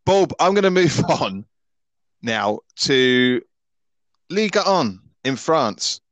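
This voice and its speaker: A man's voice: medium pitch, very animated, slow pace, fairly bright tone, dry recording, dull audio. A Scottish man in his thirties hosting a football podcast in casual chat. He is opinionated and often stammers and restarts his sentences. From Scotland. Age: 30s.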